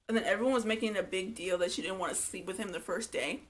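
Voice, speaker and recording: A young woman giving blunt, profane, animated commentary on a reality show, acting out quotes as she retells scenes. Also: mid-range voice, quick pace, few pauses. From Virginia Beach, USA. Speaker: reality TV reviewer. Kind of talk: casual commentary.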